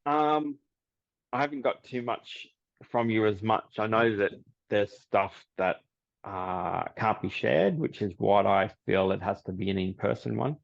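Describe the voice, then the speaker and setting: A man, a psychic medium, telling stories in a relaxed podcast chat and laughing often. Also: lowish voice, measured pace, vocal fry. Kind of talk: casual podcast interview. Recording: dull lo-fi audio.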